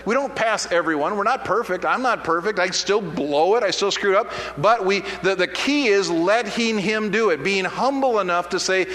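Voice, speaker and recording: Guy preaching, high bright voice, chatty storytelling, big echoey hall. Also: moderate pace, hardly any pauses, a little hiss or hum. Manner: conversational, self-deprecating storytelling with many restarts. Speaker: pastor. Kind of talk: sermon. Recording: preached in a hall with long reverb.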